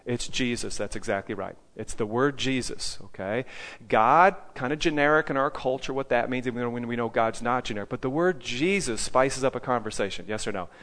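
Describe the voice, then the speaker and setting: A man's voice: medium pitch, brisk, fairly bright tone. A man teaching a group about street evangelism in a preaching style. He quizzes his listeners and checks in with "okay?" after almost every point.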